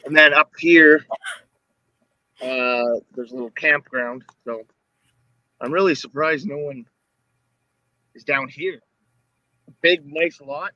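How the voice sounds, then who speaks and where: Man, outdoors, halting, laid-back, bright, dull lo-fi sound. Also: fairly high pitch, no echo. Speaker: co-host of a live stream. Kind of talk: casual chat. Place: outdoors at a campsite.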